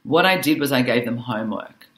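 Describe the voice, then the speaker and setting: A woman social worker and author, a guest on a podcast, telling animated stories about teaching teenagers and laughing easily. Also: very deep voice, fairly quick. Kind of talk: conversational interview.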